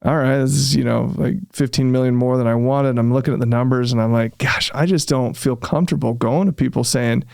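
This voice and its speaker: A man, a real estate developer being interviewed, telling his story in a casual, animated way and often acting out what he said at the time. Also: medium pitch, a little fast, gravelly, hardly any pauses, no room sound, clean studio sound. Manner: animated, reenacts his own past remarks, frequent fillers.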